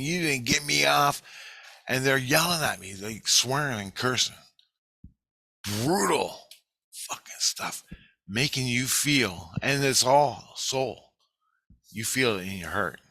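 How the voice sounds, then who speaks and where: Low-voiced man, tense bright edge, dry close sound, profane rambling monologue. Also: no room sound. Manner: profane, rambling, halting restarts. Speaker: storyteller recounting a dream.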